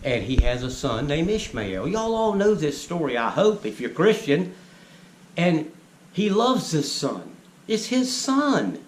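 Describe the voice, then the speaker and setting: A man's voice: a little high, sing-song, measured pace. A man giving a preachy monologue, lecturing the viewers and firing rhetorical questions at them. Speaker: vlogger. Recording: echoey room with faint ambient noise.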